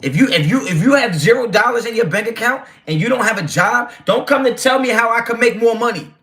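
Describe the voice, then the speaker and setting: Speaking in a very high, animated voice with a brisk pace and sharp tone, this livestream host runs a casual football stream. He answers his chat brashly, reading messages aloud and cursing freely.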